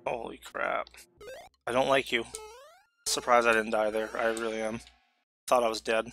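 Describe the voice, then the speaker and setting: A man giving live commentary while playing a video game, excitable, talking to himself and letting out sudden yelps. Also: mid-range voice, moderate pace, pauses often, faint music behind.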